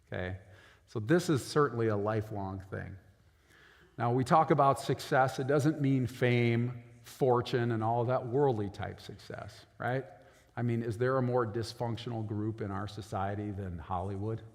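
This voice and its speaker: A lawyer giving a casual, conversational talk to high school students, often checking in with "right?". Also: male voice. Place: school auditorium. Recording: echoey hall with long reverb.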